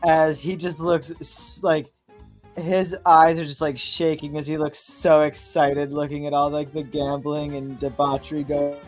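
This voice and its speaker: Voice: medium pitch, level tone, unhurried, faint music behind. A player in a tabletop game, describing a character hesitantly with many fillers.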